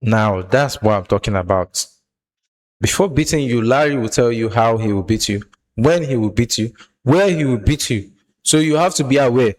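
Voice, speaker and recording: A man's voice: mid-range voice, animated, normal speed, low-quality recording. A man hosting a reaction video, talking casually and emphatically, throwing rhetorical questions and calling the listener "bro".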